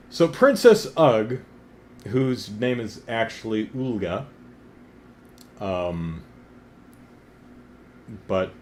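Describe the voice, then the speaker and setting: A man's voice: fairly low pitch, a little mellow, slight background noise. A man in his thirties talking casually in a wry, self-deprecating way, sometimes building up to exasperated emphasis. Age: 30s. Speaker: comic book reviewer. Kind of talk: casual vlog commentary.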